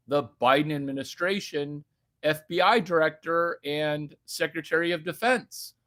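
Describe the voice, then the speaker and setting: A man's voice: a little high, fairly even intonation, normal speed, a bit bright, no room sound, clean studio sound. A man hosting a livestream, reading chat aloud and riffing on it in a provocative, mocking way. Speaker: livestream host.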